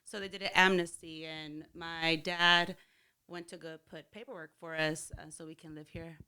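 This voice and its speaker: A woman guest on a casual podcast, born in Mexico and raised in the US, easygoing and quick to laugh. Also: low voice, fairly even intonation, pushed and bright, smooth. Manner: giggly, easygoing, laughs often.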